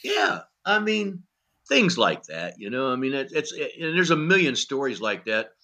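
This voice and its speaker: Bright-voiced older man telling stories. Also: medium pitch, moderate pace. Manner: animated storyteller who acts out dialogue, with many "you know" fillers; blunt and salty. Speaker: former pitching coach, guest. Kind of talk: storytelling in a podcast interview.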